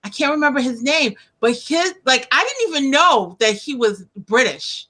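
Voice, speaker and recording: Bright-voiced New York woman, chatty. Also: high voice, normal speed. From United States, Northeast. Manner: chatty, animated, many fillers and restarts. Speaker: interviewer. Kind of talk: casual video interview chat. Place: home room with bookshelves.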